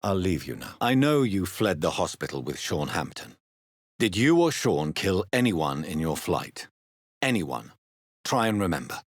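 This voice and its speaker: A grave vampire doctor from a video game, with a very low, husky voice that rises and falls with feeling. He questions people in a calm, measured way. The studio sound is close and dry. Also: no echo, full character voice. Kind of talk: game voice lines.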